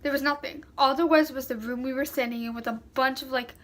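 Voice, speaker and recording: A young woman vlogger with a high, bright, ringing voice tells a casual storytime. She rambles and piles fillers into every sentence as the story tumbles out. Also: steady tone, fast. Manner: rambling, filler-heavy retelling with many "like"s.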